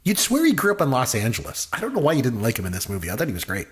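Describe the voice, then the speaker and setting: A man's voice: medium pitch, wildly swooping pitch, racing. A man co-hosting a podcast, chatting casually and enthusiastically about a film, rambling with many fillers. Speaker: podcast co-host, film reviewer. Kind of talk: casual movie review chat.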